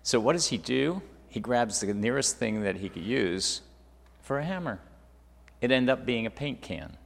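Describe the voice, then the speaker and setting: A middle-aged man preaching a sermon, swinging from loud emphatic peaks to hushed near-whispers and repeating words as he finds his next thought. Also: mid-range voice, lively intonation, normal speed, creaky, big-room sound. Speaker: pastor.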